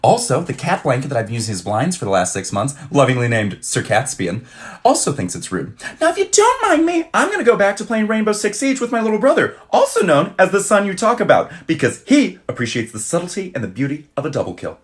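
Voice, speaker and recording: Hyper fast-talking young man. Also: sits high, wildly swooping pitch. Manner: hyper, rapid-fire, bursts into silly voices. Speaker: youth pastor. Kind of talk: comedic monologue to camera.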